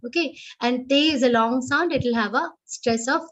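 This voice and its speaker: A woman teaching Sanskrit verse recitation in an online class, chanting each line slowly and carefully before explaining the sounds. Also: high voice, fairly bright tone, highs cut off. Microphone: online call microphone.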